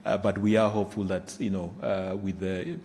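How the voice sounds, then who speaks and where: A man presenting bank financial results, speaking haltingly with many fillers and restarts, in a conference room. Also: sits low, level tone, a little mellow, long reverb tail.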